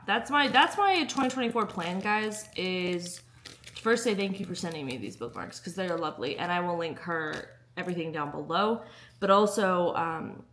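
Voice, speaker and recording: A woman's voice: mid-range voice, fairly bright tone, slight background noise. A young woman chatting casually in a book vlog, bubbly and giggly. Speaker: book vlogger.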